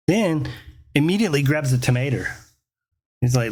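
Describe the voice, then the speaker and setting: A man's voice: a little high, moderate pace, darkish tone. A man, hosting his own show and ranting through a rambling, profane comedic story. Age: 40s. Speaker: host.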